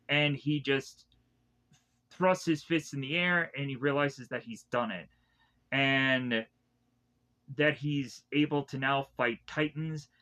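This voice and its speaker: A man casually recapping anime episodes in a rambling way, with many restarts, who keeps breaking into animated impressions of the characters. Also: a little high. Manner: rambling, loosely retells scenes with many restarts; acts out characters' lines in a quick, animated way. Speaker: anime reviewer.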